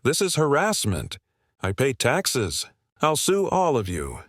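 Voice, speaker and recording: A man voicing a shrill, indignant, entitled middle-aged woman in a narrated story. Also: sing-song, normal speed, no room sound, clean studio sound. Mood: shrill outrage. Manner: shrieking, indignant.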